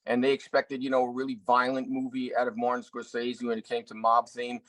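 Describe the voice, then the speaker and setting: A middle-aged actor and director telling a story in an interview, earnest, with many restarts. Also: male voice, mid-range voice, monotone, a little fast, fairly bright tone, no echo, low-quality recording. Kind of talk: anecdotal interview talk.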